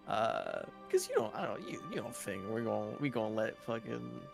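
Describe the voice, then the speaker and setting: A man's voice: fairly low pitch, sing-song, normal speed, creaky, over music. A man running a tabletop game, chatting casually afterward, laughing often and swearing freely. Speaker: game master.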